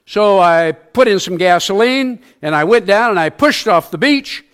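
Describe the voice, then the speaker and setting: This church elder is an older man whose high voice has lively intonation and a fairly bright, clear, resonant tone, delivered at a moderate pace. His sermon unfolds as a personal story that pokes fun at himself, and he performs the sounds and quoted lines within it.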